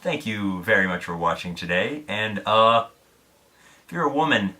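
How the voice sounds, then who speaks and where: A man's voice: fairly low pitch, expressive, moderate pace, pushed and bright. A young man from Indiana, a vlogger telling a story to camera in a candid, self-deprecating way, swearing freely.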